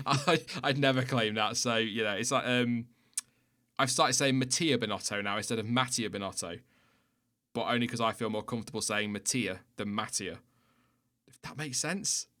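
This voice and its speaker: British man, stream host, casual chat, self-mocking, laughs a lot, mid-pitched voice. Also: normal speed, sharp tone. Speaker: livestream host.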